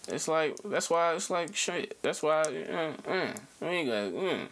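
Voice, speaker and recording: A young man hosting a podcast in casual chat, animated, his voice jumping up when he gets excited and settling low when relaxed. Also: measured pace. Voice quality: low laid-back talking voice. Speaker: podcast host.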